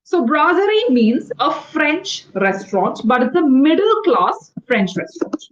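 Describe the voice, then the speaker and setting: A woman tutoring English over a video call, explaining words quickly and patiently. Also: sits high, sing-song, muffled recording. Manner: fast-talking, explanatory, patient. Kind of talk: one-on-one online English lesson.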